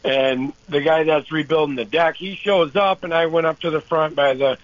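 A man's voice: fairly high pitch, steady tone, no echo. Rambling male caller, dull lo-fi line. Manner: rambling, halting with frequent restarts. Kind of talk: casual storytelling. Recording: dull lo-fi phone-in audio.

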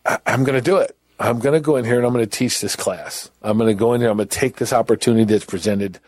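A man's voice: medium pitch, fast talker, darkish tone. A middle-aged man who was once in prison, telling his story bluntly and candidly. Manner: candid, blunt, with laughs and restarts. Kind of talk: personal storytelling.

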